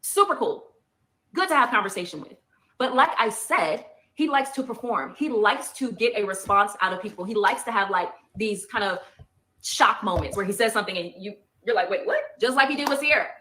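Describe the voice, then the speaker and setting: A woman's voice: medium pitch, animated, brisk, bright, forceful tone, slight background noise. A woman in a heated monologue, emphatic and repeating her points for effect.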